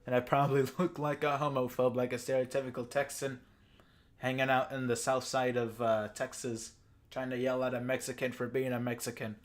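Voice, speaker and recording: Man, ranting commentary, profane, rambling, average pitch. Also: little pitch movement, a little fast. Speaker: YouTube commentator.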